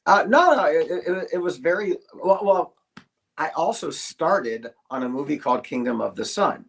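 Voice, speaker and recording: A man, a voice actor, telling a lively anecdote on a video call, with many stammering restarts and acted-out quotes. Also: on the high side, moderate pace, vocal fry, breathy edge. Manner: animated storyteller, stammering restarts, acts out quotes. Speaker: voice actor guest.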